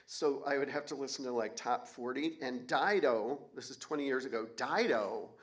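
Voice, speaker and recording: A man's voice: medium pitch, fairly even intonation, brisk. A man in his forties performing a personal story on stage, candid and wry, with blunt swearing. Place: auditorium stage.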